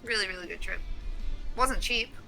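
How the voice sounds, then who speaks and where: Soft music plays behind this Australian woman in her twenties as she co-casts a card game stream and talks on and on about her life. She speaks at a normal speed in a creaky, bright, forceful mid-range voice, chatty and rambling, with frequent laughter.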